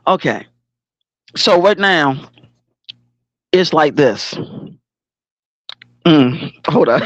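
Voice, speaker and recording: Man streaming live, high voice, very lively swings, rambling slangy talk, dry close sound. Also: drawn-out words, long pauses, dry recording. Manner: animated, laughing, keeps stopping himself to regroup; rambling, slangy, swears freely. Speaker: livestream host. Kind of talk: casual livestream talk.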